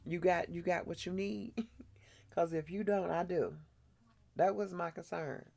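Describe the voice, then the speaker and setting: Frank gravelly-voiced woman telling a story. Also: on the low side, steady tone, measured pace, a little mellow. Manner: frank, blunt, laughs often. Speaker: vlogger host. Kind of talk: casual storytime chat.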